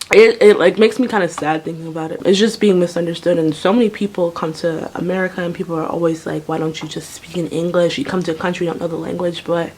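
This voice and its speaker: A young woman vlogger telling a storytime tale in a lively way, acting out voices and sounds. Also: on the low side, slight background noise. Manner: animated, acts out voices and sounds. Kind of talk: storytime vlog.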